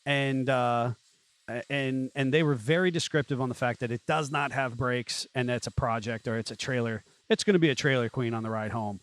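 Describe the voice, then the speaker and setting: A man hosting a show, giving casual commentary with sarcastic, wisecracking asides and animated jumps in pitch for jokes. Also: brisk, no echo. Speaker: host reviewing used Jeep listings.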